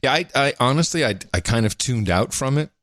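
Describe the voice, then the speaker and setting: A man's voice: mid-range voice, expressive, fairly quick, a bit bright, dry recording. A man co-hosting a podcast, bantering in a jokey way and reading news stories aloud. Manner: jokey, reads news clips aloud, mock voices. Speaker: podcast co-host.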